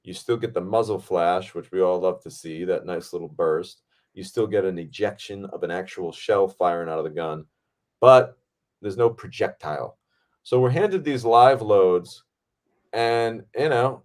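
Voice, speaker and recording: A man hosting a podcast, telling a set story in a casual, animated way, with frequent swearing and fillers. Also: on the low side, moderate pace. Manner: animated, profane, lots of fillers. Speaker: podcast host.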